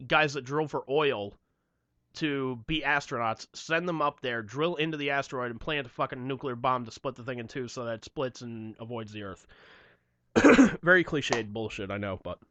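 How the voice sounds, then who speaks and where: A man's voice: mid-range voice, moderate pace, a bit bright, dry recording. A young man co-hosting a casual podcast chat, swearing freely and acting out the people in his stories. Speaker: podcast co-host. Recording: dull lo-fi podcast mic.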